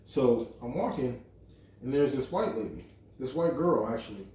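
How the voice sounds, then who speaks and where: A man's voice: medium pitch, moderate pace. A young man on a podcast, telling a long personal story in casual, profane talk and acting out the lines of the people in it. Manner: animated, profane storytelling with lots of quoted dialogue. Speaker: podcast co-host. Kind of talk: casual storytelling among friends. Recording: echoey room, mic at a distance.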